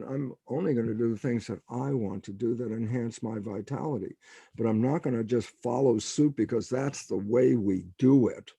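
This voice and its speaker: An older man speaks in a slightly high but dark, mellow voice with a gravelly edge. He tells his stories with animation and acts out what people said. The sound is dry and close. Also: no echo. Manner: animated storyteller, acts out quotes. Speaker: guest scientist. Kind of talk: storytelling in a podcast interview.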